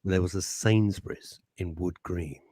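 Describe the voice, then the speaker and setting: A man's voice: low voice, measured pace, mellow, no echo. A man co-hosting a radio show in casual banter, teasing his partner and reading out listener messages. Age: older. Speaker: radio co-host. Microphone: studio microphone.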